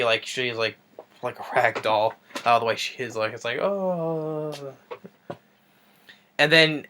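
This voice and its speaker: A man's voice: mid-range voice, bright, forceful tone, slight background noise. A man casually recapping a movie as a reviewer, rambling with lots of fillers and restarts.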